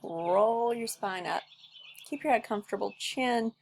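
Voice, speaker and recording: A woman's voice: a little high, a little slow, vocal fry, a little mellow, slight background noise. A woman music teacher giving a recorded lesson for children, patient and encouraging, who shows each step by singing it herself. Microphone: recorded at home for a video lesson.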